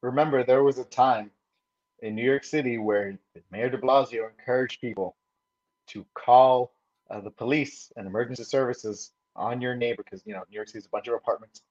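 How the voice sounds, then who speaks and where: A man co-hosting a political podcast, who talks in a measured way with frequent fillers. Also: medium pitch, steady tone, a little mellow. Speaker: podcast co-host. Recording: dull lo-fi sound.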